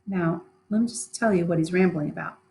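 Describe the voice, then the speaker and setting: A woman's voice: fairly low pitch, a little fast, a little mellow, a little hiss or hum, rough recording. Woman teacher talking through a play, chatty, casual everyday phrasing. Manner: chatty, explains in plain modern words. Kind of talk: reading and explaining a play.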